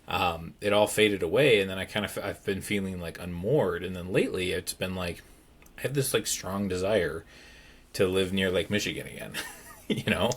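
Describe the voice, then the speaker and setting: A man from Wisconsin co-hosting a podcast, talking casually and haltingly, often restarting his sentences. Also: sits low, breathy edge. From Wisconsin, United States. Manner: halting, restarts and repeats words. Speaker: podcast co-host. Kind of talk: casual conversation.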